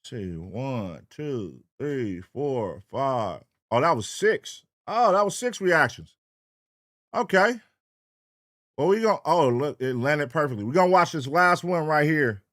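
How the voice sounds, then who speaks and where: A man from the US West Coast hosting a late-night livestream, loose and profane, reeling off shout-outs to chat viewers in a sing-song way. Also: fairly high pitch, expressive, takes it slowly, no echo, studio quality. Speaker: livestream reaction host.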